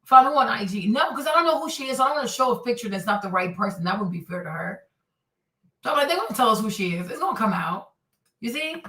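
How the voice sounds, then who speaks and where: A woman hosting a casual reaction show, blunt and animated, swearing and laughing as she comments. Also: on the high side, fast talker, distant mic. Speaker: host. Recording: echoey room, away from the mic.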